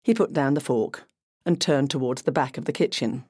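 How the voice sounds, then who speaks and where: Audiobook narrator, mid pitch, measured and even, dry studio sound. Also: breathy edge, no echo.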